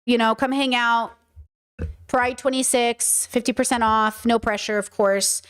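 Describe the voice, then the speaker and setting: An American woman hosting a livestream in a loose, joking way. Her voice sits a touch higher than most women's, and she swears freely and repeats herself for emphasis. The talk is relaxed and rambling. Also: moderate pace, clear, resonant tone. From United States. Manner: playful, swearing, chatty, repeats words for emphasis. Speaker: host. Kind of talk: casual livestream chat.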